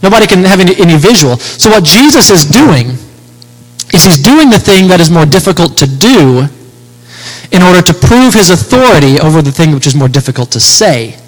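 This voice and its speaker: Man, preacher, high voice, sermon, rhetorical questions, long hall reverb. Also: sing-song. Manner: expounding scripture with rhetorical questions, slowing for emphasis.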